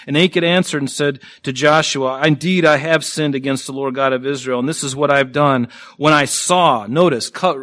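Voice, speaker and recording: A man delivers a sermon with expressive preaching, lifting his voice to stress points and sinking low and quiet for the dramatic quoted lines. His pitch sits in an ordinary middle register. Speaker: pastor.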